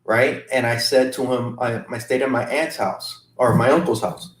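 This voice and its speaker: A man as a guest, recounting an emotional trip in halting casual talk with many restarts. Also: medium pitch, steady tone. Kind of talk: casual storytelling. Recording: roomy sound from a distant mic.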